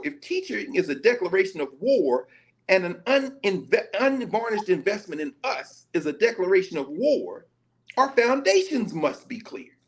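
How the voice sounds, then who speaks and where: A man from Nashville, a professor talking in lively conversational commentary, telling stories with quoted dialogue and casual vernacular. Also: sits high, normal speed. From Nashville, Tennessee. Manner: animated storytelling, slipping into quoted dialogue and casual Black vernacular.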